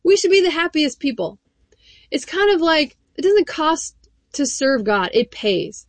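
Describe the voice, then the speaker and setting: An earnest woman preaches a sermon, reading scripture aloud and turning to press her points directly on the listener. Her voice sits a little high, and the sound is close and dry with no room around it. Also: very animated, a little slow, dry recording.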